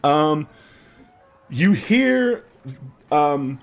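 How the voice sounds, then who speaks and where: A man's voice: a little high, sing-song, very slow, creaky, soft background music. A man narrating a tabletop game as game master, rambling through scene descriptions with lots of ums.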